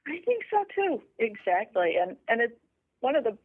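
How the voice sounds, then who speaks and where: A woman's voice: fairly high pitch, sing-song, moderate pace. A woman calling in as a guest, talking about her family history in an enthusiastic, bubbly way. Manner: enthusiastic, bubbly, laughs easily. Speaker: guest caller. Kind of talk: casual chat. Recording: tinny phone line.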